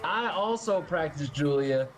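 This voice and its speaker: Relaxed co-host, man, high voice, jokey banter. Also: a little slow, a crowd in the background. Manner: laid-back, joking, laughs often. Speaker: co-host, team captain. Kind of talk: casual commentary chat.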